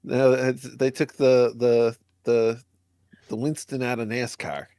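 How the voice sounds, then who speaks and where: A man's voice: medium pitch, level tone, slow, mellow, no room sound, clean studio sound. A man in casual podcast chat, recalling a story in a rambling, hesitant way.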